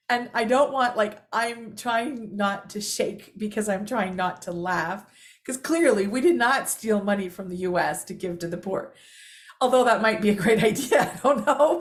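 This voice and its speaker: A woman telling a personal story casually to camera, rambling, full of fillers and restarts, often laughing. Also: fairly high pitch. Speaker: vlogger.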